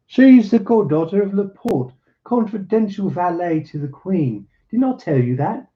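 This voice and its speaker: A man's voice: high voice, expressive, measured pace, echoey room, highs cut off, voice pushed up. A man voicing a bold, cunning young swordsman who talks in a raised, emphatic, commanding way. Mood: confiding.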